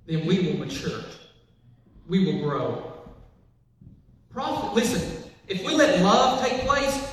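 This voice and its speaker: A man preaching a sermon, moving between soft passages and emphatic, repeated lines. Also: high voice, slight background noise. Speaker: pastor. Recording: echoey hall from far off.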